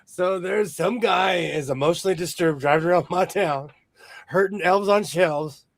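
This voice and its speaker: A man hosting a casual sewing show chat, telling jokey stories in an animated way. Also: high-pitched, moderate pace, gravelly, no room sound. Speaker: host.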